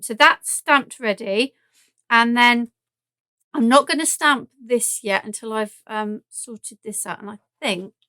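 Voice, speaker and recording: This woman's voice is a little high, bright, forceful, clear and resonant, recorded with no room sound. She has a southern English accent and chats through a live craft demo, thinking out loud and joking about her own messiness.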